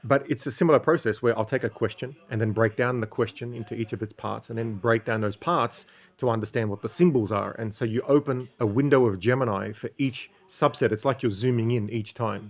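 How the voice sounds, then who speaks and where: A man's voice: mid-range voice, brisk. An Australian man from Sydney explaining a study method in a casual, rambling monologue with many ums and restarts. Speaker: streamer.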